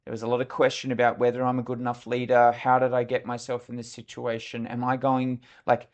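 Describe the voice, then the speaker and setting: A man's voice: medium pitch, monotone, fairly quick, highs cut off. A middle-aged man, a former officer guesting on a podcast, telling a story frankly and reflectively and acting out remembered dialogue. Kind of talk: candid interview storytelling.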